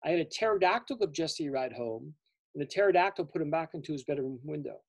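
Man, children's author, storytelling, lively, simple explanations, dry close sound. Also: on the high side, quick pace, gravelly, no echo. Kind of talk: storytelling to families. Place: library event.

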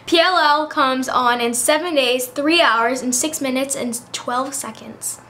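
A woman's voice: high voice, measured pace, few pauses, a bit bright, slight background noise. A teenage girl chatting in a bubbly way about her favorite beauty products, full of fillers. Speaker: beauty vlogger. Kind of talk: casual chat.

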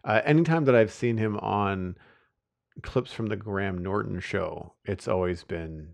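A man with a low, gravelly voice co-hosting a casual podcast. He responds in an easygoing, thoughtful way and often circles while looking for a word. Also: measured pace. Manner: easygoing, thoughtful, searches for words. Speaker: podcast co-host. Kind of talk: casual chat.

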